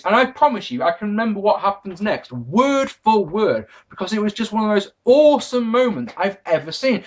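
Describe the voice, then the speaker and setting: A man giving a casual, excitable wrestling DVD review, swearing freely and correcting himself. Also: high-pitched, breathy edge. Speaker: video reviewer.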